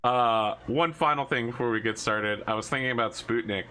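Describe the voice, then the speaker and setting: A man's voice: medium pitch, pushed and bright, a little hiss or hum. A man hosting and running a tabletop game, chatting casually and joking before the session starts. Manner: chatty, joking, quick asides. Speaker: host and game master. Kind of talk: casual pre-game chat.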